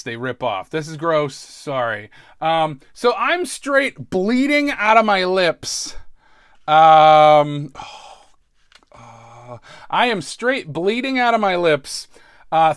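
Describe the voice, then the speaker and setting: Male podcast host, smooth clear voice, nervous self-mocking ramble, dry booth sound. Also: fairly high pitch, fairly bright tone, no echo. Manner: self-deprecating, laughs often, trails off and restarts. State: stressed. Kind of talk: casual rambling monologue.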